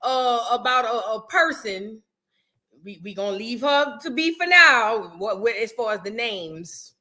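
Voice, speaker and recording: A woman's voice: fairly high pitch, expressive, measured pace, pushed and bright. A young woman hosting a casual livestream, greeting viewers by name in a chatty, drawling way. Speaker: livestream host. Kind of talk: casual live-stream chat greeting viewers.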